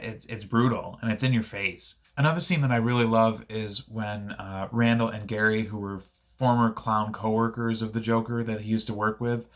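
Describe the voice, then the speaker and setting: A man giving a casual, rambling spoken film review, enthusiastic and full of restarts. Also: mid-range voice.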